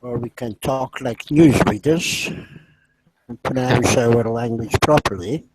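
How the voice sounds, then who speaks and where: A man's voice: mid-range voice, takes it slowly, very noisy. A man with an Irish accent in casual online group banter, swearing freely and laughing as he talks.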